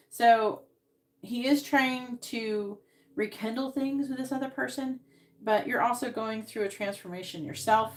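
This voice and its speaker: A woman giving psychic readings on a live stream, talking casually and rambling with many restarts, into earbuds. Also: fairly high pitch.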